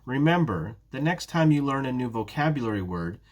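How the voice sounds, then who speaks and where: A man with a British accent, teaching a prerecorded beginner English lesson, slowly repeating words for learners. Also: mid-range voice, very animated. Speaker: ESL teacher.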